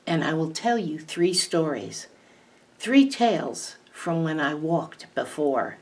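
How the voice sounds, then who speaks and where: A woman doing a booming ancient tree monster. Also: big pitch swings, slow, exaggerated voice. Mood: commanding. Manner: booming, declaiming. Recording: distant mic, faint background hiss.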